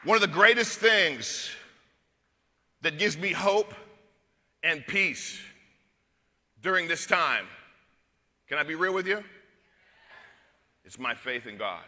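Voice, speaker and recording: High-voiced man shouting at a rally. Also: slow, long pauses. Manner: shouting, leads crowd chants. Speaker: guest speaker at a youth conference. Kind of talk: energetic rally speech. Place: large hall with a live crowd. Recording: reverberant hall, loud crowd noise.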